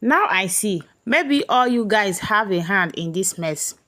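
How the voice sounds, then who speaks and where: A woman's voice: medium pitch, lively intonation, a little slow. A woman voicing a furious middle-aged mother who roars her accusations. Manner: shouting, accusing.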